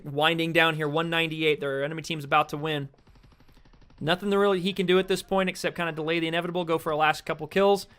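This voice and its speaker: Eager young man calling game action. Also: on the high side. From United States. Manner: excitable play-by-play, chatting with stream viewers between calls. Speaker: game caster and streamer. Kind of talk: solo esports-style play-by-play commentary. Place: home streaming setup, seated in a chair.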